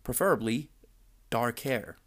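A man's voice: mid-range voice, lively intonation, measured pace, fairly bright tone. Sarcastic, swearing man ranting on a podcast. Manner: sarcastic, profane, exasperated ranting. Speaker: podcast host. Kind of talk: casual podcast rant.

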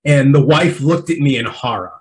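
A man's voice: medium pitch, normal speed, darkish tone, poor audio. A man, a sommelier at wine dinners, telling a story in a casual chat, with many restarts and acted-out bits of dialogue.

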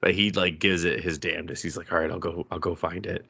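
A man co-hosting a podcast, recapping anime in casual chat, animated and swearing freely as he acts out scenes. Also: deep voice, quick pace, creaky, breathy edge, no echo. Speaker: podcast co-host.

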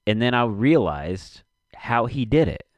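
A man's voice: mid-range voice, very animated, unhurried, dry recording, dull audio. A man rambling casually to himself and his audience from his basement, cursing often and muttering while he searches for something.

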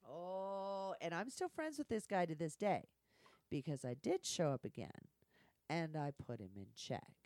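A woman's voice: lowish voice, a little slow, no room sound, studio quality. A woman telling candid, profane stories from her work in a casual podcast conversation. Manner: blunt, profane, animated storytelling. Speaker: guest.

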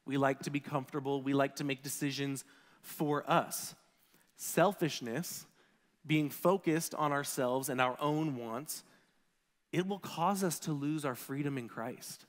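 A man's voice: medium pitch, unhurried. Pastor man preaching in reverberant hall. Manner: conversational, animated storytelling with acted quotes. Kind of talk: sermon.

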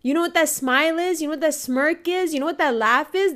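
Telling a personal story in a relaxed monologue, a woman with a high-sitting voice keeps a measured pace. Her delivery is emphatic and animated, and she curses freely.

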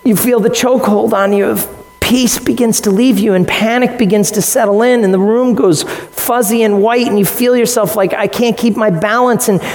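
Animated man preaching in an echoey church. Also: sits high. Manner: animated, joking asides, acts out quoted voices. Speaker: pastor. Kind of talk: sermon. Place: church sanctuary with congregation. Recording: echoey church hall, long reverb.

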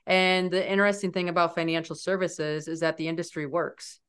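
A woman in her forties speaks as a podcast guest with a fairly low voice. She tells her stories in an animated, lively way. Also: fairly quick, smooth. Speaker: interview guest. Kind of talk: storytelling in an interview.

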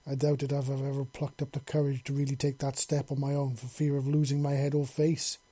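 A man reading the lines of a playful, devoted young man in armor who teases gently and speaks tenderly to his partner. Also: medium pitch, completely flat delivery, brisk, dry recording, lightly acted. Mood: gentle, warm. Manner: playful, teasing, then gentle.

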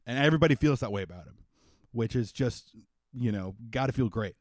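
A man's voice: mid-range voice, animated, brisk, dry recording. Dry, close-miked man narrating as game master. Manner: loose, rambling narration full of fillers. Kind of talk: narrating a tabletop role-playing game.

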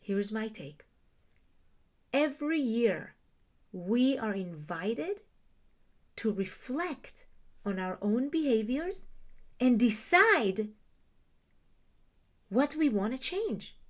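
A woman's voice: a little high, sing-song, slow, pauses often. A woman giving a reflective teaching talk on Jewish ideas, explaining terms and asking her listeners rhetorical questions.

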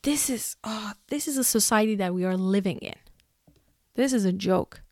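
A woman's voice: mid-range voice, normal speed, a little mellow, no echo, studio quality. A young woman from Iran giving an emotional, exasperated opinion monologue as a vlogger, sighing and laughing between points.

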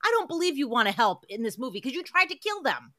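Bright, dry-sounding woman co-host. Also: sits high, sing-song, fast talker, dry recording. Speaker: podcast co-host. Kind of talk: casual movie review chat.

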